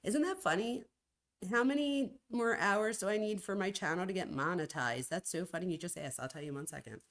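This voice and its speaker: A woman in her forties hosting a casual livestream, reading out viewer comments in a chatty, gushing way, with sudden excited jumps in pitch. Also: fairly quick. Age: 40s. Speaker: livestream host and college professor.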